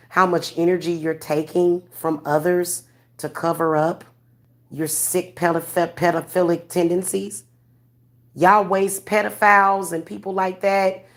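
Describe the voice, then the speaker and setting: Blunt, profane woman ranting to viewers. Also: fairly low pitch. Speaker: vlogger giving spiritual readings.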